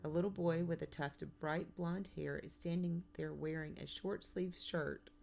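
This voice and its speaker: A woman reading a first-person children's novel aloud in a measured, plain storytelling manner. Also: low-pitched, steady tone, vocal fry, darkish tone. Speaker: audiobook narrator. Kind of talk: first-person audiobook narration.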